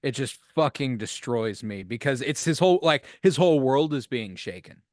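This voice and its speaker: A man co-hosting a casual film podcast, talking in an animated way, swearing freely and restarting his sentences often. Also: medium pitch, moderate pace, dry recording, studio quality. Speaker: podcast co-host.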